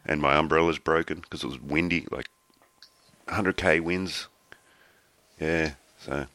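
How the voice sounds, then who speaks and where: A man's voice: extremely low pitch, fairly even intonation, unhurried, bright, forceful tone, dry recording. An Australian man co-hosting a podcast, telling stories in an easygoing, rambling casual chat. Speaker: podcast co-host.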